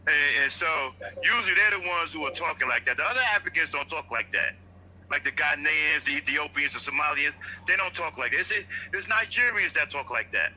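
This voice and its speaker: A man's voice: a little high, animated, fairly quick, bright, forceful tone, poor audio. A man in a podcast discussion, talking bluntly and argumentatively with plenty of swearing. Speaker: podcast guest. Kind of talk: casual chat.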